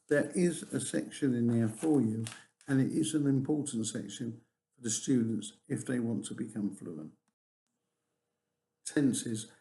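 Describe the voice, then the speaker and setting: A man's voice: medium pitch, mellow. A man teaching a recorded course lecture, explaining in a teacherly way with hesitant restarts. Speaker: TEFL course tutor.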